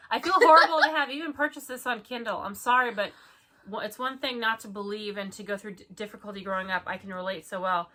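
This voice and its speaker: A woman's voice: medium pitch, sharp tone. A young woman co-hosting a casual chat, reading bad reviews aloud with sarcastic, mock-indignant remarks.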